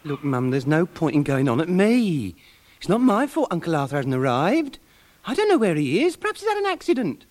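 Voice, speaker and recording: A man's voice: a little high, huge pitch swings, a little fast, darkish tone. An actor playing a fussy male pier co-owner ruled by his mother, talking in a prim, flustered way in a radio sitcom. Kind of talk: 1990s radio sitcom acting. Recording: hissy archive radio broadcast.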